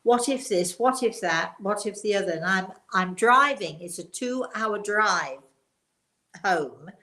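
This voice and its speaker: A woman's voice: mid-range voice, expressive, unhurried, pushed and bright. An older woman, a spiritual teacher, telling a rambling personal anecdote with quoted dialogue. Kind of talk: storytelling talk. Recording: roomy echo.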